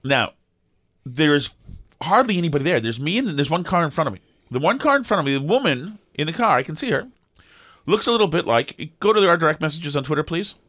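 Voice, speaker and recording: A middle-aged man, co-hosting a podcast and telling a story in an animated, exasperated way with lots of restarts. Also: on the high side, a little fast, dry recording, studio quality. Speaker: podcast co-host. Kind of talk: casual storytelling chat.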